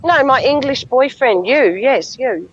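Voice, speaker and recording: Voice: high voice, lively intonation, unhurried, a bit bright, highs cut off, slight background noise. A speaker who teases playfully and flirtatiously in a casual group chat.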